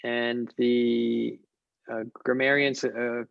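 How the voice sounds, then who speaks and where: A man speaking at a conference, answering questions in a measured, thoughtful way with frequent pauses and restarts. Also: mid-range voice, little pitch movement, creaky, no echo, muffled recording. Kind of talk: academic Q&A on an online call.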